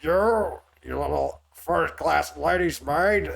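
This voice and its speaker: A rude, burly sailor with a thick foreign accent, put on by a man reading a game aloud. He barks his accusations loudly, rolling every R, and the pitch climbs above a normal speaking voice. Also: slow pace, creaky, full character voice. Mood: accusing. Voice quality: rolling heavy R sounds.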